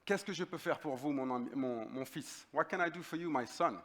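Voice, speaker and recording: A man putting on a wise old monk with an Italian accent, speaking gently and in a measured way, as if handing down advice. He keeps it soft and unhurried, in a slightly higher voice. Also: natural voice. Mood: gentle wise.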